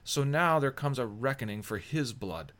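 A man's voice: mid-range voice, lively intonation, normal speed, fairly bright tone, pitched above the performer's own voice, lightly acted. A man voicing Reuben, an adult brother, speaking reproachfully and solemnly in a scripture reading.

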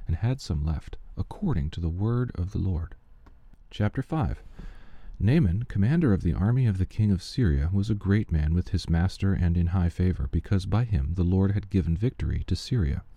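A man reads scripture in a low, deeply dark voice. His delivery is measured and steady, recorded dry and close with no room sound. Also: no echo. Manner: measured, steady reading pace. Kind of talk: scripture reading.

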